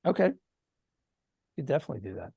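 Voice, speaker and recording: A man's voice: mid-range voice, sing-song, gravelly, dark tone, slightly rough, no room sound. Brief: man game master, hesitant narration, dry video-call sound. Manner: halting, searching for words.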